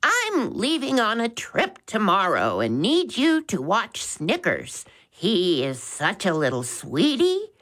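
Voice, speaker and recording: A woman voicing an elderly, hard-of-hearing lady who talks slowly and dotes on her little dog. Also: medium pitch, huge pitch swings, pitched above the performer's own voice, full character voice. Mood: doting. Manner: slow, loud, doting.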